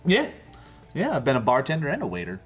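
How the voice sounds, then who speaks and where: A young male host in casual chat, recounting stories with animated energy. His pitch sits at a middling height but swings freely as he talks. He tosses in quick asides along the way. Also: slightly rough, soft background music. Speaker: show host.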